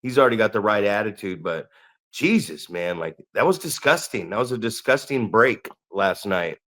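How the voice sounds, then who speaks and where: A man's voice: lowish voice, expressive, moderate pace, fairly bright tone. A man co-hosting a podcast, telling a story in casual chat and swearing freely. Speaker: podcast co-host and wrestling promoter.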